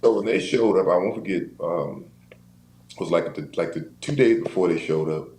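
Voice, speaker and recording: Man, very deep voice, retired football player as guest, lively storyteller, echoey room, faint background noise. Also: moderate pace. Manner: animated storyteller who acts out quoted voices. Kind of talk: casual storytelling chat.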